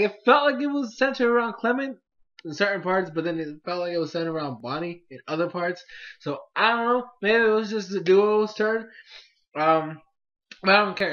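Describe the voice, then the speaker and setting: A young man casually reviewing a cartoon episode, excitable and rambling with lots of fillers. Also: fairly high pitch, highs cut off. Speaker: YouTube anime reviewer.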